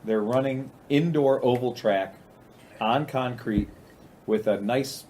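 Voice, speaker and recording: A man's voice: medium pitch, takes it slowly, warm tone. Man, casual co-host, jokey and rambling, faint room noise. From Ohio, USA. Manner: joking, rambling, laughs often. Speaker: podcast co-host. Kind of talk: casual banter.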